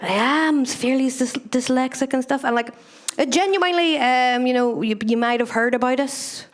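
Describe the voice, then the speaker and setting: A young woman performs stand-up into a handheld mic on a comedy club stage. Her voice sits a little high, and her delivery is loose, chatty and profane. She mocks herself and laughs along with her own jokes. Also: normal speed.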